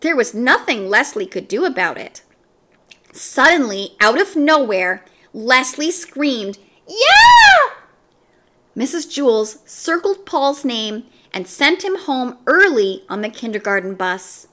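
A woman reading a children's chapter book aloud, narrating in an expressive, animated storybook style. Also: fairly high pitch, a little slow, slight background noise.

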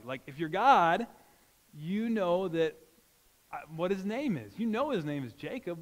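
A pastor preaching a sermon in an earnest, conversational way. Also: male voice, high voice, lively intonation, moderate pace, in a large hall. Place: church sanctuary.

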